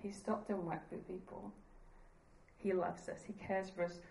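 A woman's voice: fairly low pitch, little pitch movement, measured pace, vocal fry, darkish tone. Woman preaching in an echoing hall. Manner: earnest, conversational, laughs at herself. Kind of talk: sermon.

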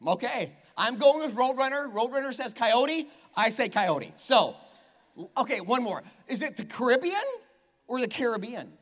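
A pastor in a church, preaching with a playful, teasing edge. His voice sits high for a man and jumps all over the place as he jokes with the congregation. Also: animated, moderate pace, fairly bright tone. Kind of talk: sermon. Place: church hall with a live congregation.

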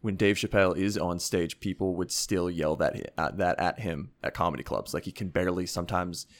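Male podcast host, deep voice, dry close sound, wry and joking. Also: no echo. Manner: wry, joking, talks in long quick runs. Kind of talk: casual podcast interview.

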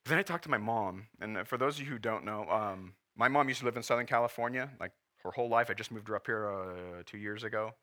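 A man's voice: lowish voice, fast, few pauses, sharp tone. A man in his forties preaching a sermon as pastor, earnest and emotional, at times holding back tears. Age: 40s. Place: church.

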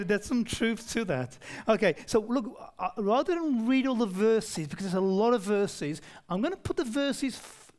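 This high-sitting male voice has a darkish tone. He delivers a chatty Bible-study sermon, regularly questioning his congregation and starting over often as he goes.

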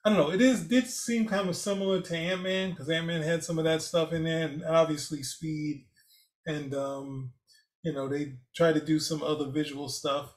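A man's voice: on the high side, steady tone, moderate pace. A man co-hosting a casual film review show, easygoing and laughing as he talks.

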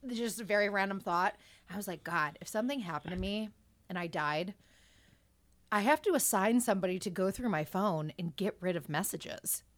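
Woman cohost, swears a lot, emphatic and exasperated, mid pitch, dry close mic. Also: normal speed, no room sound. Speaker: podcast co-host. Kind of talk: casual chat.

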